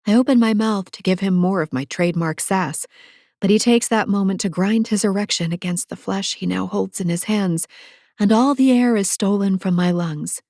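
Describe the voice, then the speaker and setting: This audiobook narrator is a woman whose mid-range, slightly mellow voice moves at a moderate pace through a first-person romance novel. Her reading is full of sassy, playful asides, with breathy whispers when things get intimate. The close studio mic gives studio-quality audio without echo.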